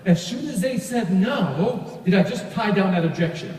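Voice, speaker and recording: Energetic man teaching in an echoey hall. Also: high voice, normal speed, slight background noise. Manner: energetic, asks audience questions. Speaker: sales trainer. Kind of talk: live seminar talk. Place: large hall. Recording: echoey hall recording from far off.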